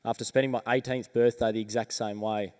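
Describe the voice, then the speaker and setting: An Australian man telling a personal story on stage as a motivational speaker, earnest and measured, with dramatic pauses. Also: fairly low pitch, flat delivery, darkish tone, clear, resonant tone. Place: large event hall stage. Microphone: stage microphone. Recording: reverberant event hall.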